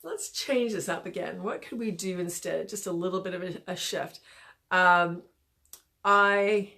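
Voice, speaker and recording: A woman's voice: mid-range voice, moderate pace, a bit bright. Rambling woman coaching casually. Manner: rambling, many fillers and restarts. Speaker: life and business coach.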